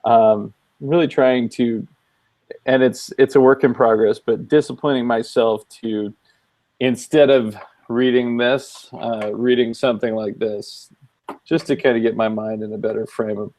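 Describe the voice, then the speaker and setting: A man co-hosting a casual video-call chat, easygoing and thoughtful, pausing with frequent ums. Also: mid-range voice, fairly even intonation, darkish tone, low-quality recording. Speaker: co-host. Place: home office, video call.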